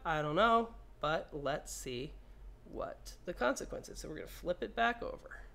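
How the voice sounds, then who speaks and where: A woman's voice: medium pitch, creaky, fairly bright tone. Woman, repair technician, casual demo, playful, chatty, talks to the device. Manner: playful, talks to the phone, swears when frustrated.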